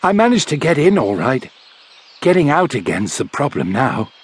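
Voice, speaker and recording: A man voicing a nervous young male truck driver on the run, who talks in an urgent, frightened way and shouts in an audiobook reading. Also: medium pitch, big pitch swings, normal speed, slight background noise, natural voice.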